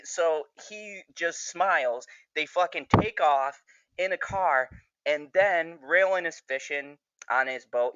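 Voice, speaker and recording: Excitable, foul-mouthed male reviewer. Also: mid-range voice, no echo, lo-fi sound. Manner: profane, excitable, rambling. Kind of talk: casual recap review.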